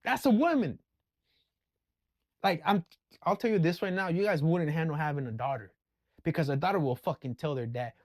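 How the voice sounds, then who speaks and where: A man's voice: on the high side, normal speed, long pauses, dry recording. A man ranting casually in a vlog, blunt and full of profanity. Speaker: vlogger. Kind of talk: casual rant.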